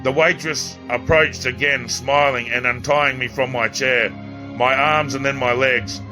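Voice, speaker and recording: A man's voice: mid-range voice, fairly even intonation, music in the background. A man reading his own novel aloud as an amateur audiobook, stumbling and restarting lines now and then. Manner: halting reading with restarts and slips.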